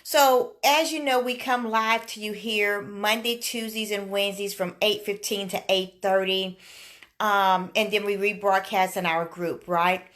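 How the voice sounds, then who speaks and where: A woman's voice: mid-range voice, a little slow. A woman counselor hosting a live online show, chatting casually and telling stories with lots of fillers, a little out of breath. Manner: chatty, animated storytelling with many fillers. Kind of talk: casual live-stream chat.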